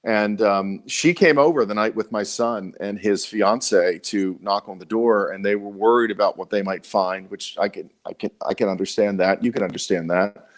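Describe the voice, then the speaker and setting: A middle-aged man with a Baltimore accent, co-hosting a casual live show, talking in an earnest, halting way with many restarts and sounding tired after an illness. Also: lowish voice. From Baltimore, USA. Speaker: co-host.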